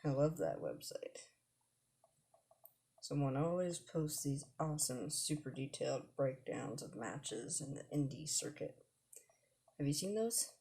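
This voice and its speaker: A woman's voice: extremely low pitch, big pitch swings, measured pace, long pauses, dark tone, exaggerated voice. A woman reading the lines of an eager adult male wrestling fan in a dating game, gushing. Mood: chatty.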